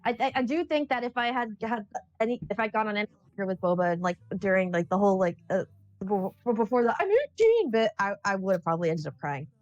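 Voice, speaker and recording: A young woman chatting casually after a tabletop game session over voice chat, excitable, stammering and swearing. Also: medium pitch, quick pace, no echo, muffled recording, soft background music.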